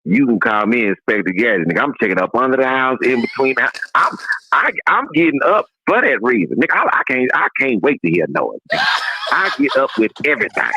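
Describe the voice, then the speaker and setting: A man's voice: mid-range voice, fast, vocal fry, slightly rough, low-quality recording. A man in his fifties, a comedian calling in, trading casual comic banter and laughing often. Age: 50s. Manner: laughs often, animated storytelling. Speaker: call-in comedian guest.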